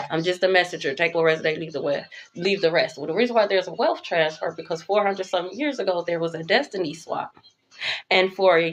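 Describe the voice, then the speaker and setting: A woman's voice: mid-range voice, a bit bright, a little hiss or hum. Blunt, profane woman tarot reader. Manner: blunt, profane and emphatic, repeating "okay?". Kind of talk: spiritual channeled message.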